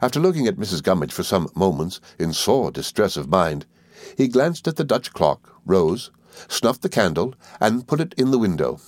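A man reading a classic novel aloud as narrator, in a measured storytelling manner. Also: low-pitched, lively intonation, darkish tone, no room sound, studio quality.

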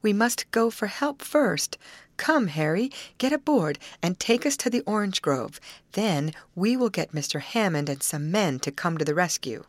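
Woman voicing a brisk, sensible young girl. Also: medium pitch, lively intonation, no echo, voice pushed up, natural voice. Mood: urgent. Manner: gentle but firm, quick questioning.

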